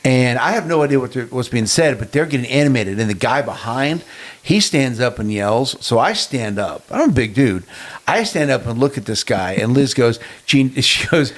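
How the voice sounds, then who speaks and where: Big-voiced man telling a lively story. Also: medium pitch, moderate pace. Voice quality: storytelling, animated and chuckling. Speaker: podcast co-host. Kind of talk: casual chat.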